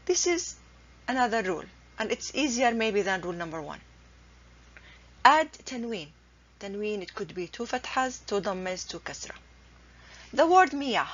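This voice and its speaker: A woman teaching a language lesson, patiently repeating each example slowly and carefully. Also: mid-range voice, fairly bright tone. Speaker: Arabic teacher. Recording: dull lo-fi recording.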